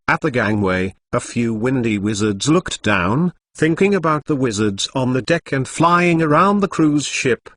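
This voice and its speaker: A man narrating a fantasy novel aloud in an even, steady storytelling manner. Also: medium pitch, no room sound.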